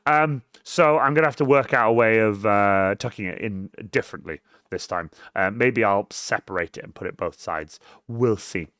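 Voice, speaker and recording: A man hosting a cosplay live stream, rambling and swearing freely, swinging between mumbles and loud outbursts. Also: on the low side, normal speed, few pauses, clear, resonant tone, no echo, clean studio sound. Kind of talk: casual live-stream chat.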